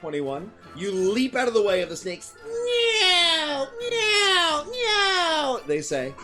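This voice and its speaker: A man's voice: high-pitched, lively intonation, normal speed, faint music behind. A man narrating a tabletop game as game master, hesitant, with many ums and frequent laughs.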